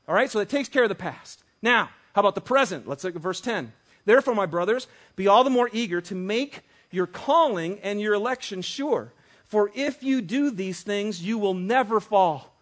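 A man in his thirties preaching a sermon as pastor, telling stories with big swings between loud and quiet. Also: sits high.

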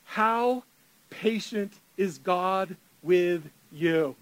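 A man in his forties preaching a sermon, animated, with sarcastic asides, dropping to a hush and then rising loud. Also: sits high, drawn-out words. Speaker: pastor.

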